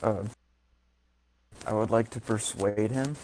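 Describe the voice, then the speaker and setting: A man with a somewhat low voice plays his turn in a tabletop game. He talks hesitantly, fills gaps, cracks jokes and swears casually. His tone is relaxed table chatter. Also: slow, a little hiss or hum. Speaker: player.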